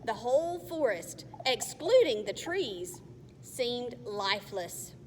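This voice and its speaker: A woman reading a children's novel aloud in a careful, measured way. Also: on the high side, big pitch swings. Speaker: narrator. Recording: faint long reverb, faint hiss.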